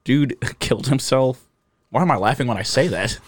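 A man who is a regular on a podcast, telling jokes and opinions in a casual, animated way. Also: mid-range voice, normal speed. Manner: animated, jokey storyteller. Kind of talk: casual chat.

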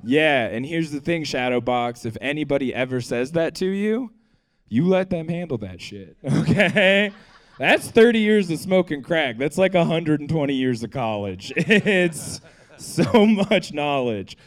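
A male comedian tells his stand-up set on a club stage, his voice caught by a handheld mic. He drops deadpan asides and laughs through his own punchlines. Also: a little high, unhurried.

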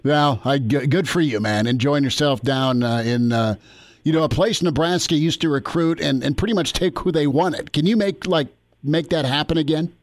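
A man's voice: a little high, moderate pace, no echo. A man hosting a sports talk radio show, chatty and upbeat, moving between ad reads and questions for a guest.

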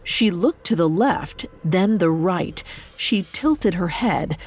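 A woman narrating a dark storybook myth in a measured, dramatic way. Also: on the low side, expressive, breathy edge. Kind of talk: scripted narration.

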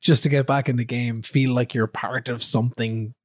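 A man co-hosting a podcast from home, chatting casually, rambling and teasing his co-host with quick laughs. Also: medium pitch, steady tone, dry recording, studio quality. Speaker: podcast co-host playing a management game. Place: remote recording from home.

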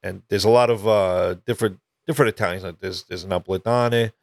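A man's voice: low-pitched, fairly even intonation, brisk, creaky, dry recording, clean studio sound. A man from Long Island, co-hosting a podcast in a casual, agreeable way, often saying right and you know. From Long Island, New York. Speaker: podcast co-host.

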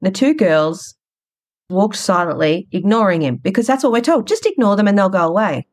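A woman's voice: mid-range voice, expressive, moderate pace, darkish tone, slight background noise. A woman hosting a podcast, telling a story in a frank, chatty way. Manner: frank, chatty, retells conversations. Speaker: podcast host. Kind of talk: casual storytelling monologue.

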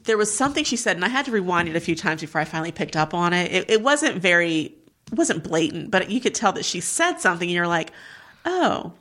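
A woman co-hosting a podcast, chatting about celebrity gossip in a playful, expressive way. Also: fairly low pitch, fast. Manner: expressive, playful, laughs often. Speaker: podcast co-host. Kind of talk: casual celebrity gossip chat.

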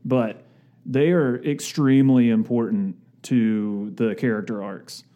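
A man's voice: mid-range voice, steady tone, takes it slowly, dark tone. A man co-hosting a podcast, talking casually and thinking aloud in loose, winding sentences. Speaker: podcast co-host.

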